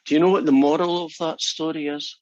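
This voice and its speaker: A man's voice: a little high, little pitch movement, brisk, darkish tone, no echo. A male instructor talking his class through calculus in a chatty, joking way. The recording is dry and close, with dull, lo-fi sound. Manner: chatty and joking, talks through steps conversationally. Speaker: math instructor. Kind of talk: casual classroom lecture.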